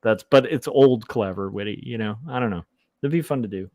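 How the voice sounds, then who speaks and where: A man hosting a livestream, chatting casually and thinking out loud while he draws comics. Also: on the low side, brisk, no echo. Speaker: livestream host and comic artist. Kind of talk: casual chat while drawing.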